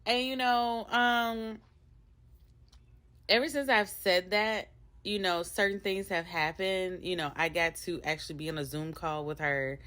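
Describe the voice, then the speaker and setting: A woman's voice: lowish voice, fairly even intonation, a little slow, fairly bright tone. A woman hosting her own podcast, talking casually and candidly to her listeners, rambling and laughing at herself. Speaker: podcast host. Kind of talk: casual motivational monologue.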